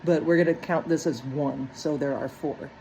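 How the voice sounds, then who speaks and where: A woman's voice: low-pitched, fairly even intonation, normal speed, darkish tone, slight background noise, rough recording. A woman walking step by step through a phonics lesson on breaking words into syllables, checking in often with "right?". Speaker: teacher.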